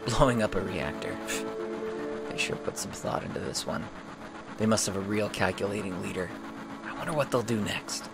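A man voicing a sly male train passenger in a low, muttering voice. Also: normal speed, creaky, long pauses, loud music behind the voice.

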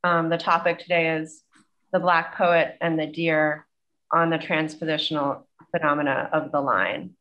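Low-voiced woman introducing a guest. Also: fairly even intonation, normal speed, highs cut off. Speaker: program facilitator introducing a guest. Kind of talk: scripted introduction.

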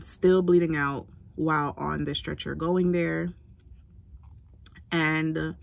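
A young woman vlogger candidly recounting a hard personal experience, in a halting, emotional way. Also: deep voice, creaky, breathy edge. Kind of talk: personal storytelling to camera.

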